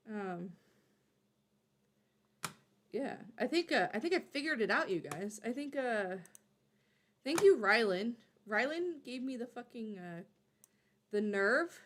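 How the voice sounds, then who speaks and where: A woman streamer chatting casually to her live audience, excitable and rambling, often restarting her sentences. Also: on the high side.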